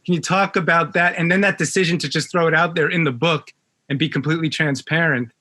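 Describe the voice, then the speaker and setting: A man's voice: on the high side, steady tone, quick pace, bright, forceful tone. A man interviewing a musician, asking long, hedging questions full of fillers.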